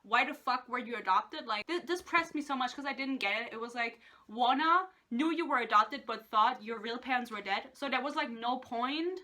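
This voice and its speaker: A woman's voice: on the high side, moderate pace, hardly any pauses, pushed and bright. A woman in a casual book rant, exasperated, swearing often and laughing between points. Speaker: book reviewer.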